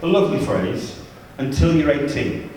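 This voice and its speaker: A man's voice: fairly high pitch, big pitch swings, moderate pace, a little mellow, slight background noise. A man leading a church youth ministry seminar, telling stories in a chatty, humorous way with asides. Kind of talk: anecdotal church seminar talk. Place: large church hall. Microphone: distant from the mic. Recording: echoey church hall from far off.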